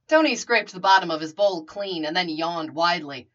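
A woman narrating a story in an expressive reading voice. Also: lowish voice, moderate pace, few pauses, highs cut off. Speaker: reader.

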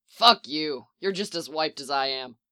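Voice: medium pitch, expressive, measured pace, sharp tone, smooth. A reader voicing Rex, a swearing worn-out soldier man. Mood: breathless, teasing. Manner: swears a lot, blunt and scrappy. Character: weary soldier clone man, profane, teasing. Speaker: clone soldier captain.

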